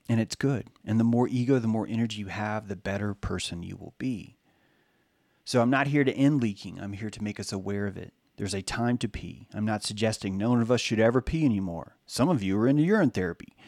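A man's voice: on the low side, a little mellow, no echo, studio quality. A man giving a loose, rambling spoken lecture, swearing freely and acting out the voices he quotes.

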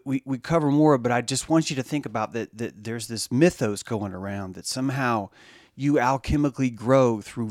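A man hosting a show in a rambling monologue, restarting his sentences often and acting out quotes in high voices. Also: dry recording, studio quality. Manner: animated, acts out quotes in high squeaky voices; repeats words, restarts often, addresses listeners. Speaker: podcast host.

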